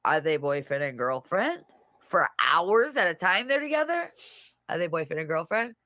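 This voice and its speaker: A woman's voice: lowish voice, very animated, moderate pace, pushed and bright, no room sound. A woman hosting a casual livestream, reading comments and mocking people in a brash, profane way. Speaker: livestream host.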